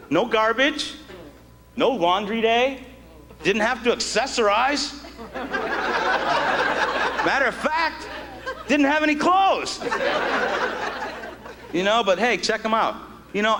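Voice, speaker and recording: Animated high-voiced man doing stand-up. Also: in a large hall. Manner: chatty, jokey, frequent asides. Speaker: stand-up comedian. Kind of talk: stand-up comedy. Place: stage before a live audience. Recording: live show with audience and noise.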